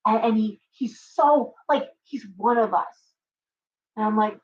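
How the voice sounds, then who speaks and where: A woman's voice: medium pitch, moderate pace, recorded from a distance, slight background noise. A middle-aged woman talks in a loose, rambling live-stream chat, breaking off to greet her viewers by name. She sits a little back from the mic. The sound is dull and lo-fi. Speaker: tarot reader hosting a live stream.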